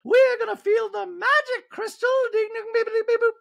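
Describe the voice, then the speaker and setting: A man doing a falsetto impression of an overexcited woman reality star who squeals and makes beeping noises. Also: steady tone, normal speed, gravelly, a bit bright, exaggerated voice. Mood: giddy.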